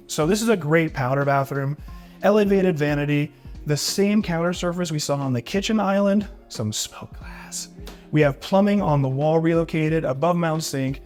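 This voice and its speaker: In this home tour vlog, a male real estate agent enthusiastically walks through the house, admiring every feature and returning again and again to "really neat" and "beautiful." His voice is on the high side and slightly mellow.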